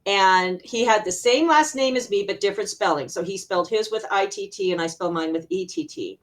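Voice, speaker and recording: A middle-aged woman from Arizona, an interview guest and healer, telling personal stories in a casual, animated way with frequent laughter. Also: mid-range voice, a little fast. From Arizona, USA.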